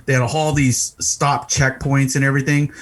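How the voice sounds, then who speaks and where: A man's voice: mid-range voice, flat delivery, normal speed, a bit bright, a little hiss or hum. A family man on a casual podcast, telling a wry, grumbling story. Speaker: podcast co-host.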